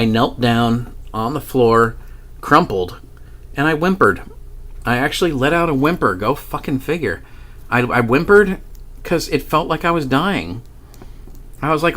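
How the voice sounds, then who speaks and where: A man's voice: medium pitch, a bit bright. A man vlogging about a paranormal experience, rambling and profane as he tells the story, with frequent restarts and chuckles. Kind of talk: casual storytelling monologue.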